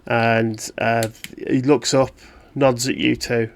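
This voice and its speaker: Rambling game master. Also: male voice, mid-range voice, flat delivery, slow pace, gravelly. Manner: rambling, lots of fillers and self-corrections. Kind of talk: narrating a tabletop game.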